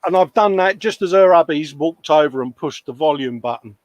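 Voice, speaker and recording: A man's voice: on the high side, animated, brisk, no room sound, muffled recording. A British man co-hosting a casual live stream from his hobby workshop bench, bantering and reading out viewer comments. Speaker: co-host of a live modelling stream.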